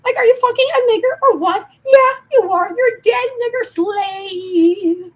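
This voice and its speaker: A woman on a rambling livestream rant, swinging erratically from mutters to shouted, sing-song accusations full of swearing. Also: very high voice, measured pace, distant mic. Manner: profane and accusatory. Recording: echoey room, voice off-mic.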